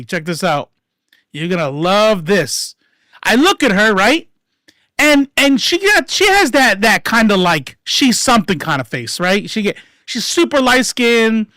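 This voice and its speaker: A livestream commentator with a mid-range voice offers casual, profane, rambling political takes, lurching between loud outbursts and mumbled asides. The sound is clean studio audio with no room sound.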